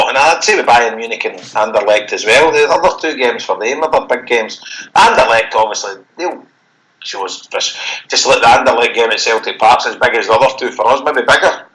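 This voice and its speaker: A Scottish man talks football in a loose, rambling podcast chat. His voice is bright and forward. He laughs easily and swears freely. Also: medium pitch, a little fast, poor audio. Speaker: podcast co-host.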